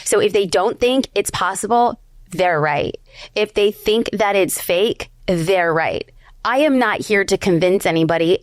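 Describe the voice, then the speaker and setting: A woman's voice: medium pitch, no echo, studio quality. Emphatic, blunt woman podcast guest. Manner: fast, emphatic, slangy and blunt. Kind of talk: candid conversational interview.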